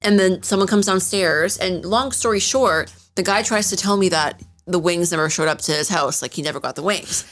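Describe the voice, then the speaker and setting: A woman's voice: fairly low pitch, normal speed, hardly any pauses. A young woman co-hosting a podcast, telling stories animatedly and acting out the dialogue. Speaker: podcast co-host. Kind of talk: casual storytelling chat.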